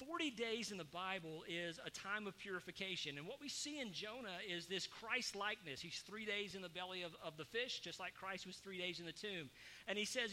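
A man preaching a sermon, animated, acting out quoted voices with sudden rises. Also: fairly quick, slight background noise. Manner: animated, acts out quoted voices with rising pitch. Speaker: pastor.

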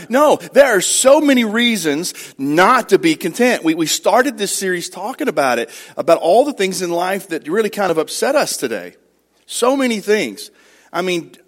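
A middle-aged man preaching to his congregation, telling stories and putting questions to them. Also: fairly high pitch. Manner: conversational storytelling, asks the congregation questions. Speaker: pastor. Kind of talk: sermon.

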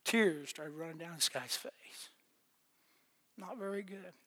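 A man's voice: on the high side, expressive, takes it slowly, pushed and bright. A middle-aged man preaching a plainspoken sermon, telling his own story with folksy repeats and little laughs. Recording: long hall reverb.

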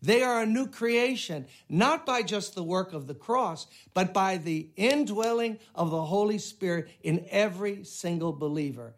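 A man with a high voice preaches earnestly. He delivers the lines steadily, as in a sermon. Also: lively intonation, normal speed, few pauses.

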